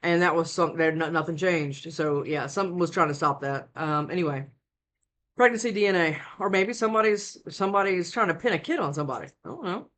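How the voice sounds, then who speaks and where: A woman's voice: on the low side, a little fast, a bit bright. A worn-out woman giving a casual tarot reading at home into a close desk mic, rambling with many restarts. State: worn out from lack of sleep. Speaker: tarot reader. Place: indoors at home.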